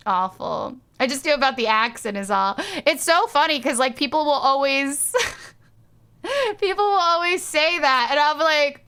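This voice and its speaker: Young woman from the ny area, chatty streamer, swears a lot, high voice. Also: moderate pace. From New York area. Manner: rambling, animated, swears, laughs often. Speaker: vtuber streamer. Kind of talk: casual stream chat.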